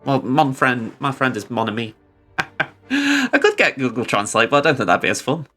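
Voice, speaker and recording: A man's voice: medium pitch, huge pitch swings, a little fast, sharp tone, faint music behind. A man streaming a video game, chatting casually about his moves and poking fun at himself. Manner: rambling, self-deprecating, chuckling. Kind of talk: casual gameplay commentary.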